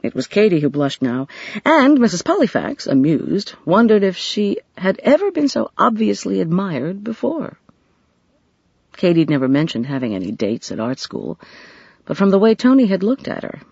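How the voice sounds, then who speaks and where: Audiobook narration, expressive, dry room, slightly muffled sound. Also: mid-range voice, gravelly, husky, no echo. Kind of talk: scripted narration.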